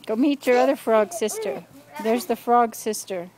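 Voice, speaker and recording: A woman's voice: fairly high pitch, lively intonation, moderate pace, crowd noise. An older woman, a grandmother, playfully encouraging children and laughing often, recorded outdoors on a home video camera.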